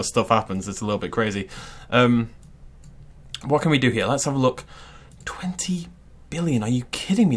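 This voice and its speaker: Guy rambling over an idle game, super lively up and down voice, keeps laughing. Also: mid-range voice. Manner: chatty, excitable, laughs often. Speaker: gaming channel host. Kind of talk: casual let's-play commentary.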